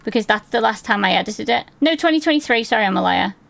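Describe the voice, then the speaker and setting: Chatty, gravelly woman streamer. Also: fairly high pitch, expressive, fast talker, a bit bright, no echo. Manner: chatty, swears often, self-deprecating, laughs easily. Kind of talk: casual chat reading chat aloud.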